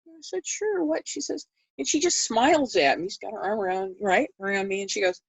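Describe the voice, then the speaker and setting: A woman guest in an interview, telling a story in a conversational way and acting out the quoted dialogue with big jumps in pitch. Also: lively intonation, brisk, slightly rough, dry recording, poor audio. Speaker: interview guest recounting history.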